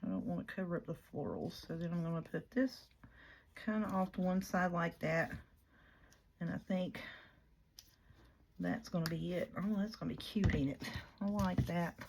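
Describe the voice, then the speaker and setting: A woman's voice: on the low side, moderate pace, gravelly, long pauses, a little mellow, a little hiss or hum. A woman chatting casually as she works on a paper craft, folksy and talking to herself and her materials. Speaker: crafting vlogger.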